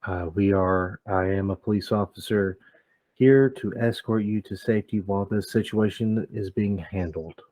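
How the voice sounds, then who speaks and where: A man playing a polite police officer in a tabletop role-play, with a deep, mellow voice and a calm, courteous, measured delivery. It stays gentle and formal throughout. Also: dry recording, natural voice.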